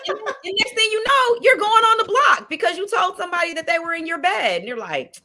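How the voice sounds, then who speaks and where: A woman's voice: very high-pitched, brisk. A woman guest on a casual podcast, telling stories and acting out past conversations. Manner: lively storytelling that acts out past conversations. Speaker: podcast guest, reality show contestant. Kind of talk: casual chat.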